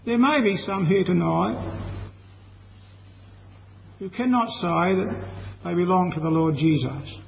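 High-voiced man leading a church service. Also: creaky, a little hiss or hum. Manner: measured, formal. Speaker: service leader. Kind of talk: announcing a hymn. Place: church hall. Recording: lo-fi recording in a reverberant hall.

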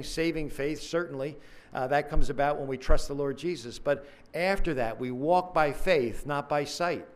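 A man preaching a sermon series, earnest and measured, pausing often with fillers as he explains scripture. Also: fairly high pitch.

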